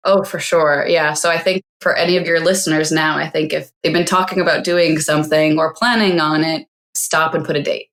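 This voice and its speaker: Gravelly low-voiced businesswoman guest. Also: steady tone, a little fast, hardly any pauses, a bit bright. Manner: reflective, practical advice with fillers. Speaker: tech CEO guest. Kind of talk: casual interview chat.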